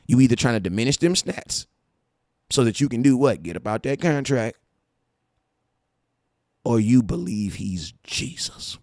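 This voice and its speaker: Animated slangy man, dry mic. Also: medium pitch, no echo. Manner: animated, slangy, storytelling with asides. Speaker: sports podcast host. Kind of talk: casual fan commentary.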